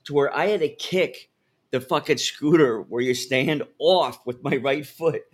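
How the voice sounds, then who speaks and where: A man's voice: fairly high pitch, unhurried. A man, co-hosting a podcast and telling a story in casual chat, swearing freely and laughing as he talks. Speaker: podcast co-host.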